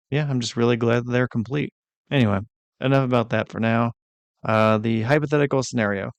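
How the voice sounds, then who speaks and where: A man recapping and commenting on a video game's story, first in a punchy announcer manner and then in easier, relaxed talk. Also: mid-range voice, creaky, dry recording. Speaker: gaming video creator. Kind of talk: high-energy announcer-style recap.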